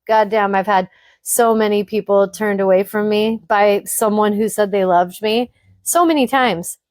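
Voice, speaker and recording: A woman's voice: medium pitch, measured pace, darkish tone, no echo, studio quality. A woman hosting a spiritual podcast, speaking frankly to her listeners in an emphatic, blunt monologue that swears freely.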